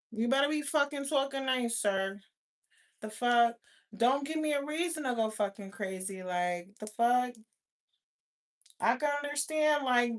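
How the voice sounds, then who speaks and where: A woman vlogger, ranting bluntly to her viewers with lots of cursing and scolding. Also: high voice. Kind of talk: casual rant to camera.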